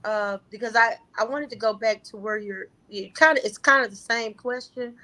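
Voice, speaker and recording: Woman co-host, bright crisp tone, halting, searching casual questions. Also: on the high side, rough recording. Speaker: podcast co-host. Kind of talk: casual podcast chat.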